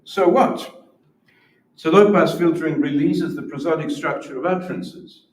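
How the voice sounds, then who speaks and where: A man's voice: a little high, moderate pace. Man lecturing in an echoey room. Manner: explanatory, repeats words when restarting. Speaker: symposium presenter. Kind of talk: academic lecture with demonstrations. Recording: roomy echo from far off.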